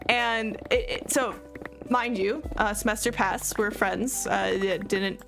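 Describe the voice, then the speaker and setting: A woman's voice: medium pitch, fairly even intonation, slow, gravelly, a bit bright. A young woman streamer chatting casually while gaming, rambling and laughing often with lots of fillers. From United States. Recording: music playing behind her.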